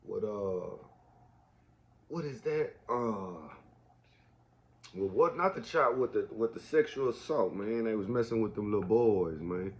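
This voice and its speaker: A man's voice: fairly low pitch, animated, measured pace, long pauses. A man, rambling casually with lots of slang and a slight cough. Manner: laid-back, slangy, says man and bro a lot. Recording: dull lo-fi audio.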